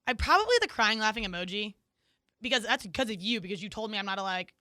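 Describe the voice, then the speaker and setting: Brief: giggly woman co-host, quick and bright, dry close sound. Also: mid-range voice, no echo. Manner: giggly, animated storytelling. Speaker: podcast co-host. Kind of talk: casual chat.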